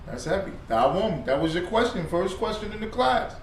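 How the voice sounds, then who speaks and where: A man's voice: sits high, very animated, moderate pace, a little hiss or hum. A man teaching a religious brotherhood class in a slangy, conversational way, quizzing his students in call and response. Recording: roomy room, distant mic.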